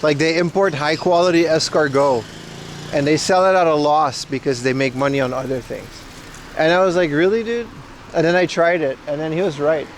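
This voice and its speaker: A man's voice: on the high side, a little fast, a little hiss or hum. A man casually chatting with his livestream viewers while walking outdoors, loose and slangy. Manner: loose slangy banter, reads chat. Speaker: IRL livestreamer. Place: outdoors on city streets.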